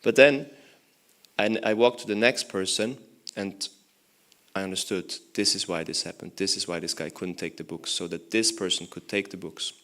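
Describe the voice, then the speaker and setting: A man's voice: deep voice, fairly even intonation, moderate pace, fairly bright tone. A young man, a monk, giving a morning lecture in a temple, telling a story in a loose, conversational way with many "you know"s. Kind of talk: storytelling sermon.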